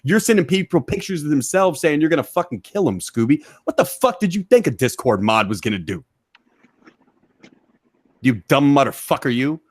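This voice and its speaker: A man hosting a stream from a back room of his house, ranting loudly and mockingly with heavy profanity. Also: on the high side, big pitch swings. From Texas. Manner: loud, mocking, rapid rant. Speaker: stream host.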